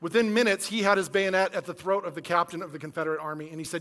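A man giving an inspirational speech, casual and energetic, talking directly to his audience. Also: high voice, very fast. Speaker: speaker.

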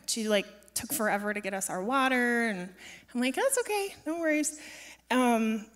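A woman with a fairly high voice telling a personal story in front of a church congregation. She speaks casually and conversationally, with plenty of fillers. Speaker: pastor's wife sharing a testimony. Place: church sanctuary.

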